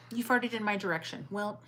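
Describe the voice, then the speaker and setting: A woman's voice: mid-range voice, bright, forceful tone. A woman hosting a late-night livestream, chatting with viewers by name and reading crime headlines aloud. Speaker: livestream host.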